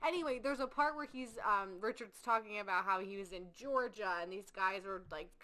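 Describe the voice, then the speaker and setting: Woman podcast co-host, bright voice, loose swearing true-crime chatter. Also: medium pitch, fairly quick. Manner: chatty, swears freely, acts out quotes. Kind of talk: casual true-crime chat.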